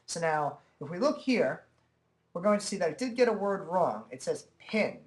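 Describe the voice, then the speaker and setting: A man's voice: sits high, moderate pace. Casual man explaining a computer demo. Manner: relaxed, chatty explaining with frequent "uh" and "okay". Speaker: software tutorial presenter. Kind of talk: casual screen-recorded software demo. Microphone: desk microphone at a computer.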